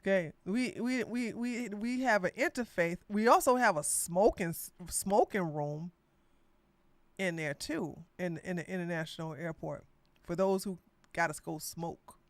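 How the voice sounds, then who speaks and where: A woman's voice: lowish voice, measured pace, no room sound. A woman from Georgia, hosting a casual political chat stream and rambling straight to her viewers. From Georgia, USA. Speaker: podcast host.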